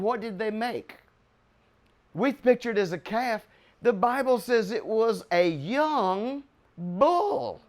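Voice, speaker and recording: An older man from America gives an animated Bible lesson in a fairly high voice. He chuckles often and breaks into sudden loud shouts to drive a point home. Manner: excitable, chuckling, loud bursts for emphasis. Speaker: Bible teacher.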